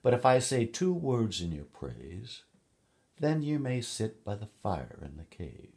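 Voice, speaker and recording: A man reading a story aloud and voicing a wise, firm woman who speaks louder and higher than his narration. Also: wildly swooping pitch, unhurried, heavily acted. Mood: firm, mocking. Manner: raised, laughing, commanding.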